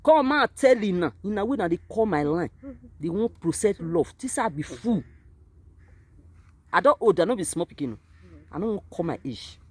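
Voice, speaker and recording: A Nigerian woman with a Nigerian Pidgin English accent, talking to her camera at a cemetery, moving between quiet grief and loud, animated outbursts. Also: lowish voice, moderate pace, long pauses, slightly rough, dry recording. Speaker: vlogger. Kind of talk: emotional direct-to-camera monologue. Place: outdoors at a cemetery.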